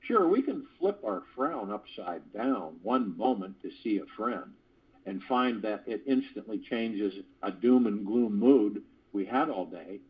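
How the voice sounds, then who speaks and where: A man's voice: fairly low pitch, expressive, unhurried, breathy edge. A man hosting a spiritual conference call, reading a prepared talk in an earnest way and breaking off now and then for a playful aside. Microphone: phone conference call. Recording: dull lo-fi phone call line.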